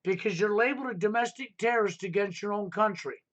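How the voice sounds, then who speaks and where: A man's voice: high voice, quick pace, a bit bright, muffled recording. A man hosting a live stream, ranting insistently and repeating rhetorical questions. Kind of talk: heated political talk stream.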